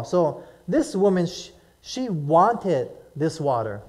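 A man from Hawaii with a notably high-pitched voice delivers a sermon. He talks in an easy, conversational style, keeps asking his listeners questions, and leans on "right?" to hold them with him. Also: very animated, slow pace, darkish tone. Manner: conversational preaching, asks the audience questions. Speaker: pastor.

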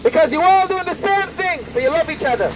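High-pitched street preacher man. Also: animated, a little fast, noisy background. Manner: loud, confrontational, repeats his lines. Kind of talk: open-air street preaching. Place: outdoors on a street.

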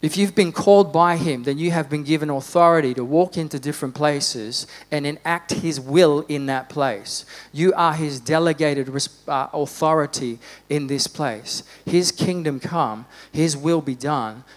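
A man preaching a sermon in a church, fervent, rising to loud exhortation and dropping to quiet reflection. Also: fairly high pitch, normal speed, few pauses. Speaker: pastor.

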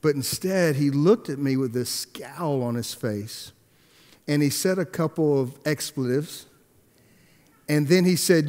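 A pastor telling a story in a sermon, swinging between hushed and emphatic delivery, with halting restarts and repeated words. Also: male voice, on the high side. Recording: long echoey hall reverb.

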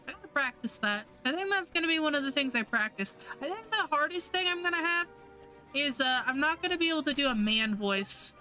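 A woman's voice: high-pitched, pushed and bright. A woman streamer chatting casually and self-mockingly over a game she plays. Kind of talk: casual let's-play commentary.

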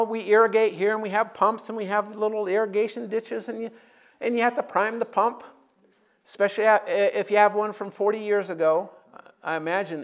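A man preaching a sermon as pastor, energetic and joking, breaking into loud shouts. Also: high voice.

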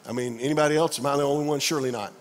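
Middle-aged male pastor, animated sermon delivery with acted-out dialogue, slightly high voice, echoing church hall. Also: very fast. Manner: animated storytelling, acting out dialogue. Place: large church sanctuary.

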